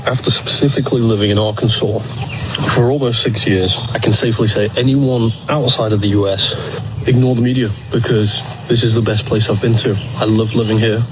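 A man's voice: on the low side, steady tone, a little fast, background noise. A man earnestly telling a social media audience about his life as an immigrant. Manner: earnest, grateful. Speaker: immigrant sharing his experience. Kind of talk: social media video monologue.

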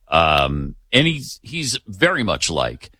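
A man's voice: deep voice, wildly swooping pitch, slow pace, bright, forceful tone, husky, no echo, clean studio sound. Sarcastic man co-hosting talk radio. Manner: sarcastic, exasperated, chuckling. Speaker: radio talk show co-host. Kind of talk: casual political radio talk.

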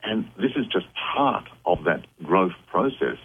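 A man's voice: low-pitched, very animated, measured pace, slightly rough. A man speaking as a psychic guest on a call-in radio show, earnest and reassuring as he explains. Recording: tinny phone line.

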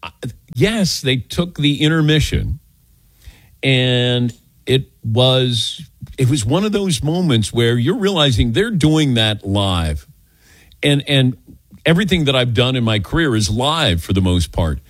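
A man's voice: mid-range voice, lively intonation, a little slow, dry recording. An older man hosting a call-in radio show, chatty and self-deprecating as he tells stories.

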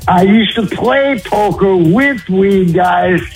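A man's voice: high voice, slow, gravelly, soft background music, poor audio. A man calling in to a talk radio show, fired up and rambling, laughing often. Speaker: regular caller. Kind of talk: excited call-in chat.

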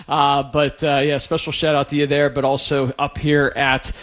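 A man's voice: mid-range voice, little pitch movement, normal speed, background noise. A man co-hosting a sports radio show, joking with a guest as an upbeat interviewer.

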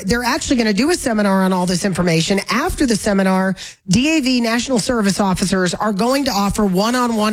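Brisk, chatty woman radio host. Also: medium pitch, rough recording. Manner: brisk and chatty, corrects herself on the fly. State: hiccups. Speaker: radio talk show host. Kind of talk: casual talk radio chat.

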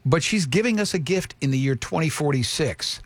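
A high-pitched man hosting morning radio, teasing a caller through a quiz. His voice has a gravelly edge and sits dry and close to the mic. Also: expressive, fairly quick, no room sound. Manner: joking, teasing quiz-show patter. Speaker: radio show host.

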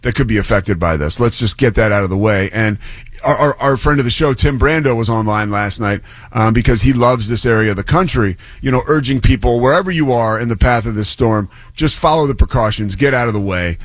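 A man's voice: on the low side, a little fast, dry recording. A man who works as a play-by-play broadcaster, talking college football as a guest on a sports radio show, chatty and enthusiastic. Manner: chatty, enthusiastic, loose with fillers. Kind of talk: sports talk radio banter.

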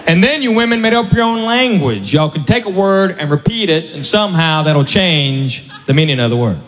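Man, stand-up comic, folksy, teasing, lively pitch, slightly high voice. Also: normal speed. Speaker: stand-up comedian. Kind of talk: live stand-up set. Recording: live club with crowd ambience.

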